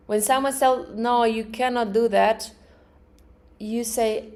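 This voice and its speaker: A woman's voice: on the high side, steady tone, unhurried, a little mellow. A woman teaching a group about positive attitudes, earnestly acting out affirmations and everyday reactions, often repeating words and restarting her phrases. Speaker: metaphysics teacher. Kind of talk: spiritual teaching talk. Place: live event in front of a group.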